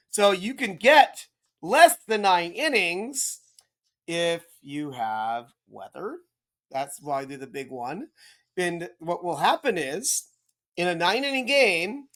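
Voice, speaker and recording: A man's voice: a little high, a bit bright. Man, casual guest explainer, rambling and self-correcting, checks that listeners follow.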